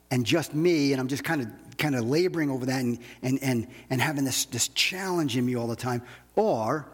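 A man's voice: mid-range voice, breathy edge, in a large hall. A man preaching a conversational sermon, often restarting his sentences and checking in with the congregation by asking "okay?". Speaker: pastor.

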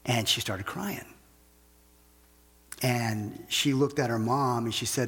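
A man's voice: mid-range voice, fairly even intonation, slow, pauses often, fairly bright tone, slightly rough, in a large hall. A man preaching a conversational sermon, often restarting his sentences and checking in with the congregation by asking "okay?". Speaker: pastor.

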